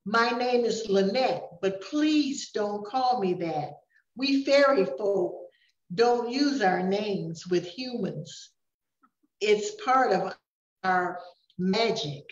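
Grandmother reads a shy, kind little fairy girl, slow and soft, raised pitch, roomy dull recording. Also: expressive, recorded from a distance. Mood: gentle. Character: small gentle female fairy, shy and kind.

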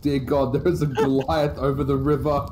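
A man chatting over a game with friends, swearing and laughing loudly. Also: mid-range voice, noisy background. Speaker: gaming friend. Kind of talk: casual gaming chat.

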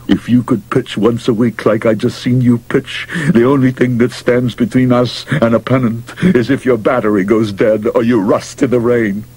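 A man voicing a brash, loud-mouthed baseball manager who talks gruff tough-guy slang and shouts orders. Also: mid-range voice, normal speed, few pauses, natural voice. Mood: pushy, scheming. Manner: pushy, excitable, barks and shouts.

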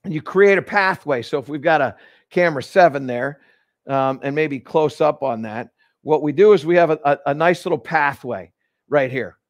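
A man hosting a live golf lesson, explaining each move step by step with energetic restarts in an indoor golf studio. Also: on the high side, normal speed, no echo. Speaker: golf instructor and show host. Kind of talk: live instructional demonstration.

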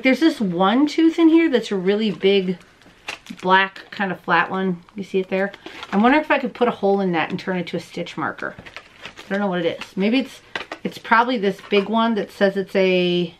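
A woman's voice: mid-range voice, slight background noise. A woman hosting a crochet and knitting podcast from home, chatting to the camera in a bubbly, self-deprecating way and laughing often. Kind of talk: casual chat to camera. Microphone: camera in front of her.

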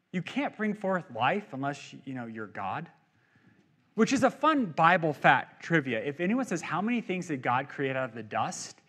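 Animated, high-voiced male pastor preaching. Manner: animated, jokey preaching with acted-out quotes. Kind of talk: sermon. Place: church.

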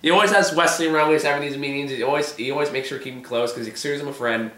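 Hoarse male vlog host, rambling and swearing, bright tone, roomy echo. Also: medium pitch, steady tone, rapid-fire. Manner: rambling, filler-heavy, swears casually. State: hoarse, voice giving out. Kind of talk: casual TV episode discussion.

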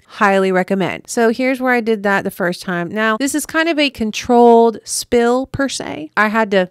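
A woman's voice: fairly high pitch, moderate pace, few pauses, smooth, dry recording, clean studio sound. A young woman, chatting playfully through a makeup tutorial and talking straight to her viewers. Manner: chatty, playful, talks to camera. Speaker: makeup artist vlogger. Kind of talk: casual tutorial chat.

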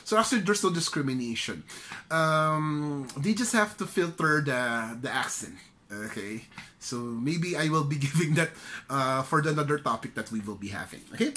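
A man's voice: on the high side, expressive, normal speed, sharp tone. A middle-aged Filipino man giving loose, chatty career tips, often checking in with "okay?". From Philippines. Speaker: career trainer. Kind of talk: casual instructional vlog.

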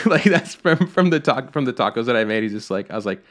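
A young man co-hosting a podcast, telling a story in a casual, animated way, swearing and acting out what people said. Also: mid-range voice, fast talker, few pauses. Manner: animated, swears a lot, acts out quotes. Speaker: podcast co-host.

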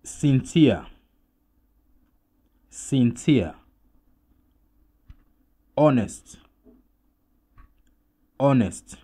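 A man with a Rwandan accent teaching English vocabulary, saying each word twice in a slow, deliberate drill and then translating. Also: mid-range voice, lively intonation, warm tone, husky.

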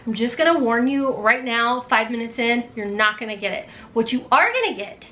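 A woman in her forties unboxing beauty products in a vlog, gushing and gasping with excitement. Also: a little high, moderate pace, a little hiss or hum. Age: 40s. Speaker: beauty vlogger.

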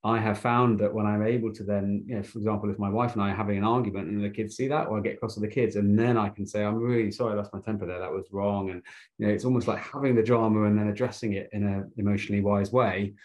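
A man hosting an online event, calmly moderating questions and sharing a reflective personal story over a video call. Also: on the low side, fast talker.

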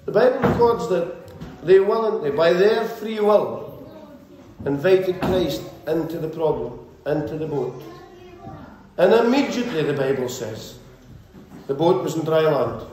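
A man preaching with a high, fervent voice that builds through rhythmic repeated phrases. His sermon rings out in a strongly echoing church hall. A faint room hum sits underneath. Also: animated, a little slow, darkish tone. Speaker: pastor.

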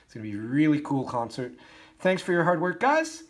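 A man's voice: on the high side, expressive, fast talker. A man teaching a school band part, counting aloud and singing the notes, with encouraging talk for his students. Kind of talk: instructional walkthrough for students.

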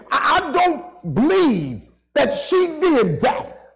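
High, gravelly impassioned preacher man. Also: huge pitch swings, fairly bright tone, poor audio. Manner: impassioned, drawn-out emphasis, calls for amens. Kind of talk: sermon. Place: church sanctuary.

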